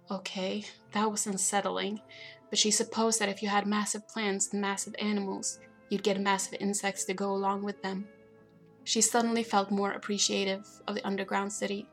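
A woman narrating a novel chapter in a steady, even reading voice. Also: medium pitch. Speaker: audiobook narrator. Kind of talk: storybook narration.

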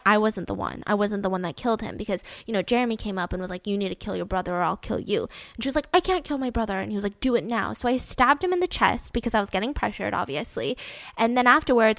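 A young adult woman hosting a podcast, retelling a crime case in a lively way and acting out the people in it. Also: on the high side, no room sound, studio quality. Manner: animated retelling, acts out quoted voices. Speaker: podcast host. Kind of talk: true crime storytelling.

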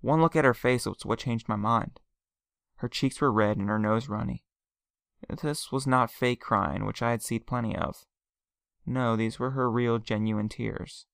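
A man narrating a first-person story in a quiet, plain storytelling manner. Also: mid-range voice, steady tone, a little slow, vocal fry, clear, resonant tone, dry recording, studio quality.

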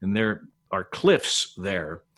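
A man's voice: low-pitched, very animated, slow pace, a bit bright. An older man, a veteran broadcaster, telling stories as a podcast guest in a rambling, restarting way. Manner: digressive storyteller with frequent restarts and laughs. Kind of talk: casual podcast conversation, storytelling.

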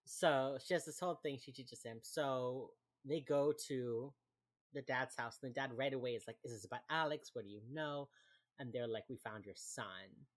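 A young woman with a strikingly low, deep voice chats casually on a podcast. She recaps scenes in a loose, talkative way, laughs often and acts out what the characters say. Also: moderate pace. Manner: chatty, laughs often, acts out quoted lines. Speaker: podcast co-host recapping a TV episode. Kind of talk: casual chat.

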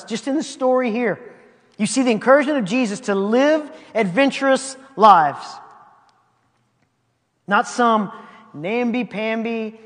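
A man's voice: sits high, a bit bright. A man preaching a sermon, reading scripture aloud and commenting on it in a conversational way with laughing asides. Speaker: pastor. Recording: long hall reverb.

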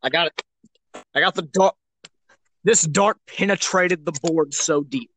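A man's voice: on the high side, unhurried, fairly bright tone, no room sound, low-quality recording. A young man co-hosting a podcast, casual and crude, rambling and playful. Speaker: podcast co-host. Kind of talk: casual chat.

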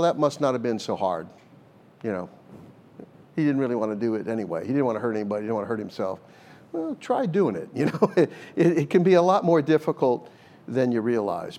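A man's voice: mid-range voice, dark tone. Older guy, ex negotiator, earnest storytelling interview, trips over his words a bit, chuckles now and then. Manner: earnest, repeats words while thinking, laughs often. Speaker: former hostage negotiator, guest.

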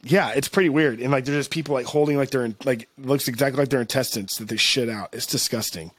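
A man's voice: mid-range voice, fast, fairly bright tone, no echo. A man co-hosting a podcast in casual chat, rambling and swearing, full of "like" fillers, sarcastic and self-deprecating. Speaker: podcast co-host.

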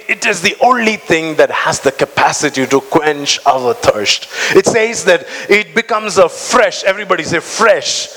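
A man's voice: on the high side, a bit bright, long reverb tail. A man preaching a sermon to his congregation, fervent, stretching out words and often repeating himself as he calls on people to answer back. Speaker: pastor.

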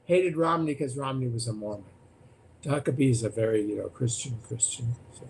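An older man, a former political candidate, recounting debate stories as a guest in an animated way, often repeating words. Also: mid-range voice, fairly quick, creaky, a little hiss or hum. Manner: animated, repeats words and restarts, acts out quotes. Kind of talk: anecdotal storytelling in conversation.

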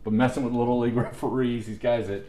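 A man's voice: medium pitch, fairly even intonation, quick pace, dark tone, roomy sound. Rambling, profane middle-aged male storyteller. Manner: rambling, profane anecdotes with restarts and laughter. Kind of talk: casual storytelling among friends.

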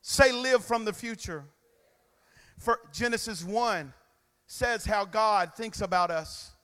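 High-voiced preacher in an echoing hall. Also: male voice, slow pace. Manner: emphatic call-and-response preaching with sudden loud and quiet swings. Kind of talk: sermon. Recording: long reverb of a large hall.

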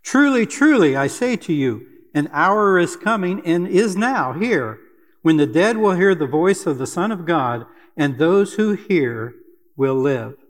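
An older man preaches a sermon in a fairly high voice, earnest and deliberate, pausing now and then with fillers. His voice carries a long reverb, as if heard in a church sanctuary. He speaks as a church elder addressing his congregation. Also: lively intonation.

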